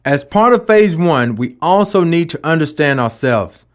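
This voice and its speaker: A man's voice: on the high side, very animated, moderate pace. A man giving a motivational talk about never giving up, with emphatic delivery and rhetorical questions. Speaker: motivational speaker.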